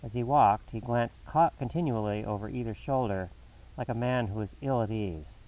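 A man reading a classic novel aloud as a narrator, in a measured, dramatic storytelling manner. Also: medium pitch, darkish tone, far from the mic, low-quality recording. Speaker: audiobook narrator.

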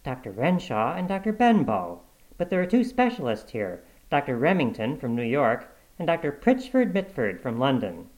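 A man voicing a prim young female nurse, brisk and informative, in a storybook reading. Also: mid-range voice, sing-song, a little mellow, close to an everyday voice.

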